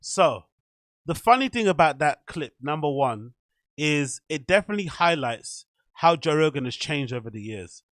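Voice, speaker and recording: A man's voice: fairly high pitch, sing-song, moderate pace, fairly bright tone, dry recording. A man hosting a show, giving chatty, opinionated commentary with meandering asides. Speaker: host. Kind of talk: casual commentary.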